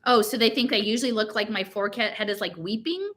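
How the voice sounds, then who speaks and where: Teen girl voiced by a woman reader, shrill, dramatic, valley-girl fillers, bright tone. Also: quick pace, lightly acted. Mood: panicked. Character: frantic teenage girl fretting over a blemish.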